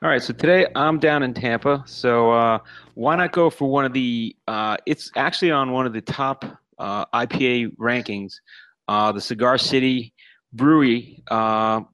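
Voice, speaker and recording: A man's voice: mid-range voice, normal speed, a bit bright, no room sound. A man co-hosting a podcast over a video call, laid-back and rambling with lots of fillers. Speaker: podcast co-host. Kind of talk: casual podcast chat.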